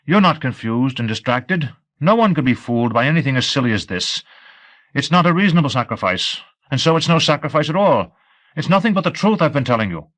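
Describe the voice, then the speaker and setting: A man reads a frightened, desperate tourist who insists he is no spy. The voice climbs high and shrill, lurching between pleas. Pitch leaps with every protest. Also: big pitch swings, a little fast, fairly bright tone. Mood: pleading. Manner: pleading, shrill with panic, stammering. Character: panicked male tourist accused of spying, desperate. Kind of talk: audiobook reading.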